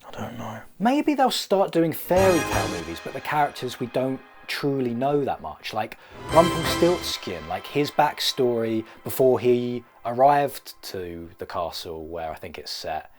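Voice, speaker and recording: A man's voice: medium pitch, sing-song, measured pace, music in the background. A man riffing through a comedic solo vlog, rambling and self-mocking, often stopping to restart his thoughts. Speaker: vlogger.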